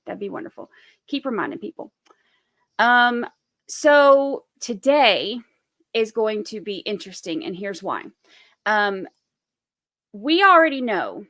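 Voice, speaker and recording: A woman's voice: mid-range voice, fairly bright tone, no room sound, clean studio sound. A woman hosting casual live-stream commentary on a trial, rambling with many fillers and restarts.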